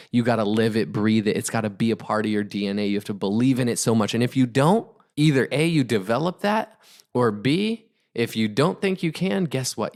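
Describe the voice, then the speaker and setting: Fervent, emphatic male podcast co-host. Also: on the low side. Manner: emphatic, fervent, repeats phrases for punch. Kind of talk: motivational podcast talk.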